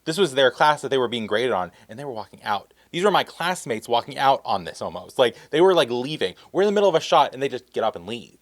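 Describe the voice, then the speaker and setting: Animated man telling a story. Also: medium pitch, quick pace, hardly any pauses, no room sound. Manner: animated, acts out quotes. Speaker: storyteller vlogger. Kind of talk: casual storytelling.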